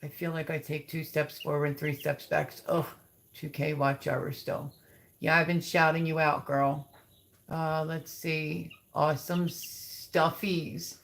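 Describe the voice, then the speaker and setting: A woman hosting a casual live stream, chatting with viewers and cooing softly to her chicks. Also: low-pitched, flat delivery, a little slow, creaky. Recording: background noise with bird chirps.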